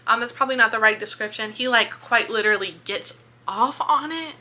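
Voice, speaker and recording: A woman casually retelling a book's plot in a video review, chatty and animated, swearing and filling with "like". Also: fairly high pitch, brisk. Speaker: book reviewer. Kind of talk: casual book-review vlog.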